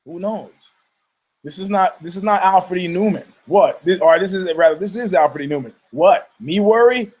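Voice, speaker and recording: A man's voice: sits high, moderate pace, hardly any pauses, darkish tone, rough recording. A man hosting a podcast, ranting casually about fight news in a rambling, profane way, laughing often and mocking people in put-on voices. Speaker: podcast host.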